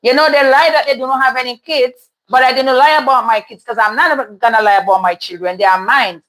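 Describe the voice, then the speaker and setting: Woman, livestream host, candid and chatty, a little higher voice, reads chat aloud and riffs on it. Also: fairly quick, fairly bright tone, low-quality recording. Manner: candid, chatty, laughs often. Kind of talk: casual live chat. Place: home in Toronto.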